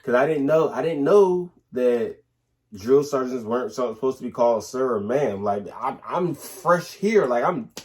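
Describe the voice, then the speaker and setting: A young man, casually telling animated stories in a couple's Q&A, full of slang and restarts. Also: medium pitch, moderate pace. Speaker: soldier in the Army, husband.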